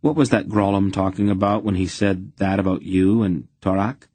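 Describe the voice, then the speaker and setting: A man's voice: low voice, fairly even intonation, normal speed, warm tone, husky, no room sound. A man voicing a curious, sulky teenage boy who keeps asking questions.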